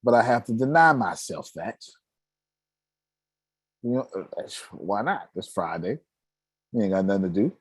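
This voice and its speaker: Animated, laughing man hosting a chat. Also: fairly low pitch, moderate pace, long pauses, husky, dry recording. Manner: animated, laughing, self-mocking. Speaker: host. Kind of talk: casual livestream chat.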